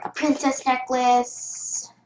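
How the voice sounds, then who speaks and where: A young girl hosts a casual, screen-recorded game tutorial, rambling chattily with lots of fillers and restarts over keyboard typing. Her high-pitched female voice is flat and darkish, delivered at a slow pace, in a roomy, rough recording.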